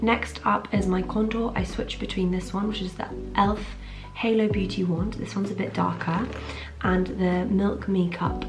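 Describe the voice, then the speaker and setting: She's a London vlogger in her twenties training as a surgeon, chatting upbeat at home while getting ready and leaning heavily on "like." Her mid-range, groggy morning voice barely moves in pitch and runs at normal speed, heard over music in a low-quality recording.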